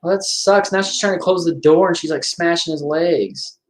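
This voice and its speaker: A man's voice: fairly high pitch, normal speed. A man giving casual watch-along commentary on a horror film, chatting and reacting aloud to the scenes.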